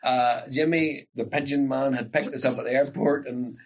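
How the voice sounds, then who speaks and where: Ulster Scots man, husky, animated storyteller, dull lo-fi recording. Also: mid-range voice, moderate pace. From Northern Ireland. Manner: animated storyteller who acts out family voices. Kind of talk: casual storytelling chat.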